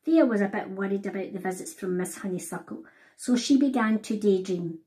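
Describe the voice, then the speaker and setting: A woman author reading her picture book aloud to children, animated and talking to them directly. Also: mid-range voice, moderate pace. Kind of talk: storybook read-aloud for children.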